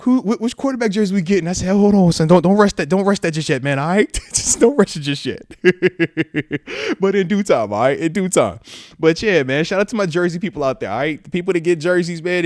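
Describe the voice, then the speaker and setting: A retired football player in his thirties, chatting casually on his show in an animated, slang-filled way and reading viewer comments aloud. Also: on the high side, dry recording, clean studio sound. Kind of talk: casual live-stream chat.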